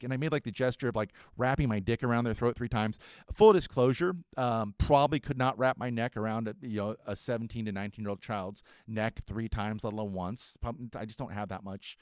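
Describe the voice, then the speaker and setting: A man's voice: medium pitch, steady tone, brisk, darkish tone, smooth, no room sound. A man in his forties hosting a podcast, telling a story in a casual, profane, self-mocking way. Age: 40s. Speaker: podcast host.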